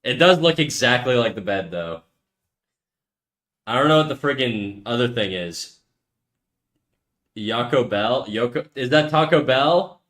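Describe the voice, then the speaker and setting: A man's voice: medium pitch, animated, measured pace, pauses often. Joking man chatting on a stream. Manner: joking, teasing banter with quiet mumbled asides. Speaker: livestreaming artist. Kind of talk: casual stream chat while drawing.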